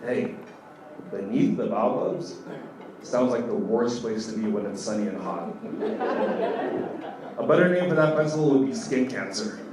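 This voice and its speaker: A young man doing a stand-up comedy set on a club stage, telling loose stories full of "like" fillers and getting loud on the punchlines. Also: mid-range voice, moderate pace, long pauses. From Kenya. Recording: echoey club audio from far off, with room noise.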